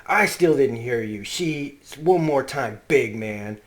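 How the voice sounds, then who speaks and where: A man's voice: on the low side, normal speed, natural voice. A man reading as a bitter, taunting father. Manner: taunting, contemptuous. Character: bitter, cruel adult father berating his son. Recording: roomy echo.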